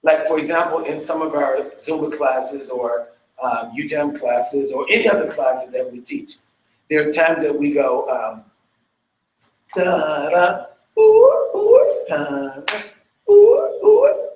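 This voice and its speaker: In an echoey room with slight background noise, a male dance fitness instructor teaches a workshop in a medium-pitched, steady voice at a moderate pace. He's chatty, checks in with listeners and vocalizes beats and sounds energetically.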